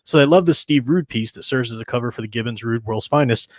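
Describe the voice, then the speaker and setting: A man's voice: mid-range voice, fast talker, few pauses, no echo, studio quality. A man joining as a guest in a casual conversation about comics, speaking with hesitant fillers and reading aloud his own short post.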